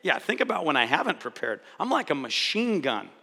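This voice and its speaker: A man preaches in an animated way, acting out the voices he quotes. His voice sits high and sounds bright and forceful. It rings with the long reverb of a large hall. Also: brisk, creaky. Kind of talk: sermon-style teaching.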